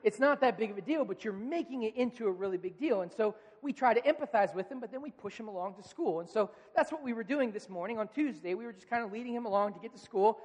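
A male pastor in his thirties preaching a sermon in a relaxed, conversational storytelling manner, acting out quoted lines. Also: high voice, quick pace, hardly any pauses, long reverb tail.

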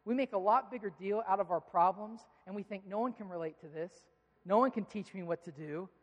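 A man's voice: high voice, brisk, highs cut off. Man preaching in a reverberant hall. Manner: conversational storytelling with emphatic, rising pleas. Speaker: pastor. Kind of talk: sermon.

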